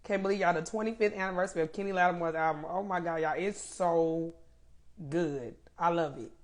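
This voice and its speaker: A woman's voice: on the low side, fairly quick. A woman hosting a casual live stream, greeting viewers by name and laughing often while she waits for her guest, speaking.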